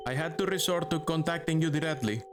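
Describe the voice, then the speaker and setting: A steady, matter-of-fact computer from a video game, read out by a man. The delivery stays flat and even, in a slightly high voice. Background music plays clearly throughout. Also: fast talker, lightly acted. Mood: calm. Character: calm male computer voice in a game.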